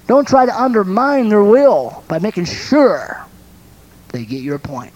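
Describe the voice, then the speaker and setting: A man with a noticeably high voice delivers a sermon. He tells everyday stories and acts them out with lively sound effects, pausing now and then to laugh. He sounds like a pastor who also counsels people. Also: highs cut off. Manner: laughs between points. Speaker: preacher and counselor.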